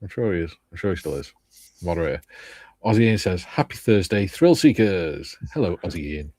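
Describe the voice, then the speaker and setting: A man's voice: low voice, expressive, a little fast, mellow, dry recording. An older man hosting a casual livestream, joking as he reads out viewers' comments. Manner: jokey, reads out chat comments. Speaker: livestream host.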